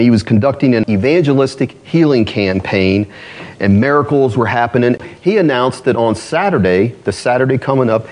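A male pastor preaching a sermon in an animated style, climbing high for emphasis and dropping low and slow to tell a story.

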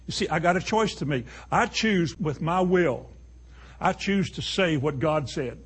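A man's voice: a little high, animated, unhurried, fairly bright tone, slightly rough. A man preaching a sermon to a congregation, emphatic and full of rhetorical questions.

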